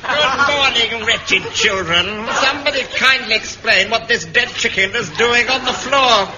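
An actor playing a pompous, sarcastic schoolmaster in a comedy sketch. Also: male voice, very high voice, measured pace, muffled recording, a loud crowd, very noisy. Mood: sardonic. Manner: pompous, sardonic, stern.

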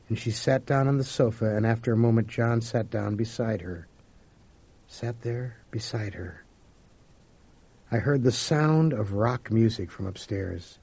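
A man's voice: mid-range voice, vocal fry, darkish tone, slightly rough, muffled recording. A man giving an emotive, dramatic first-person reading of a story. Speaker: audiobook narrator.

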